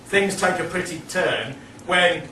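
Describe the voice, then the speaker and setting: A man's voice: high voice, unhurried, sharp tone. A man giving a rambling, digressive talk at a meeting, full of asides and chuckles. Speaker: speaker at a meeting. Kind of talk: lecture-style speech. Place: meeting room. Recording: echoey hall, distant mic, background noise.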